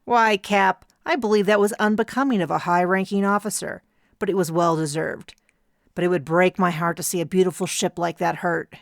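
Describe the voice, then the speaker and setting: A woman's voice: lowish voice, fairly even intonation, normal speed, vocal fry, no room sound, studio quality. Woman doing a wry, teasing male crewman. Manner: teasing, blunt. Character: wry, loyal male crewman, gruff humor.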